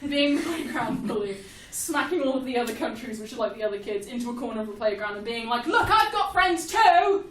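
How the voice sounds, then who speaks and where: A young woman giving a casual, jokey history lesson, animated and laughing often. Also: fairly high pitch, quick pace, few pauses, distant mic. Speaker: history explainer. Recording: echoey room, off-mic, faint hiss.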